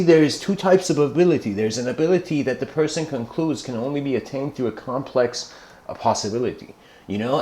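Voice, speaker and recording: A man's voice: medium pitch, a little mellow. A man giving an informal philosophical talk, rambling and correcting himself with many "you know" fillers. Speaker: lecturer. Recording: echoey room.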